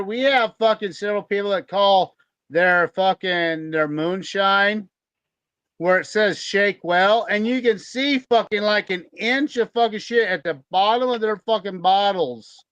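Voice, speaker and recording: A man's voice: sits high, measured pace, a bit bright, smooth, dry recording. A man co-hosting a podcast, telling a heated, profanity-packed story as a moonshiner. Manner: heated, swearing constantly, ranting.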